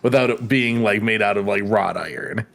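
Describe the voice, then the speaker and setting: A man co-hosting a podcast, chatting in an animated way and using "like" again and again. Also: lowish voice, normal speed, gravelly. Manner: animated, with frequent "like" fillers. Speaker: podcast co-host. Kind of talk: casual chat.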